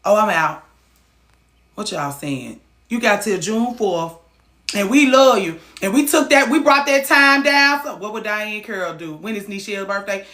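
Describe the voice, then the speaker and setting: Animated cussing woman host, echoey room. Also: moderate pace. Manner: animated, cussing, swings from loud to low. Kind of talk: lively advice talk to a caller.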